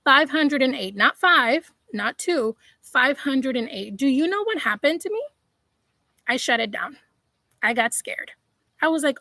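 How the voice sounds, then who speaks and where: A woman's voice: high-pitched, expressive, normal speed, sharp tone, dry recording, poor audio. A woman life coach talking live to her viewers, emphatic and preachy, calling them y'all. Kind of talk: live-stream motivational talk.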